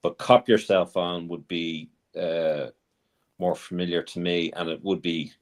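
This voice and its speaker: Deep-voiced co-host. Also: male voice, steady tone. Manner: easygoing, quick to laugh along. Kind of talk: casual chat.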